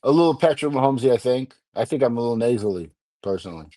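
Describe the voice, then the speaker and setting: A man co-hosting a podcast in casual chat, joking and animated, slipping in and out of voices. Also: medium pitch, rapid-fire, no echo. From Miami. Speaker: podcast co-host.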